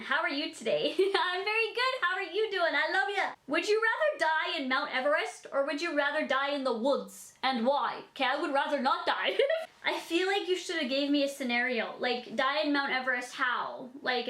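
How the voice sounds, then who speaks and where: A woman's voice: high voice, bright, forceful tone. A Canadian woman in her twenties chatting casually while she answers viewer questions, giggling and using lots of fillers. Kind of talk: casual Q&A vlog. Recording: echoey room.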